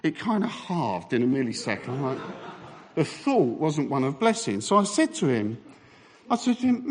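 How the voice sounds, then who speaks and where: A middle-aged man, a Baptist minister, telling a self-mocking story in a sermon. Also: normal speed. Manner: animated, self-mocking anecdote with lively pitch swings.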